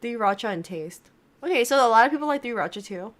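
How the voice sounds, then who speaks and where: Brief: young woman, lively sing-song pitch, playful beauty-guru banter. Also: fast. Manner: animated, playful, gushes about products. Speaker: podcast co-host. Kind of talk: casual livestream chat.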